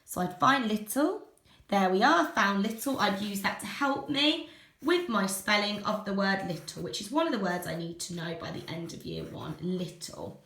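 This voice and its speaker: A woman teacher demonstrating phonics and sentence writing, slowly sounding out letters and words. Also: medium pitch, animated, fairly bright tone, reverberant. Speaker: primary school teacher.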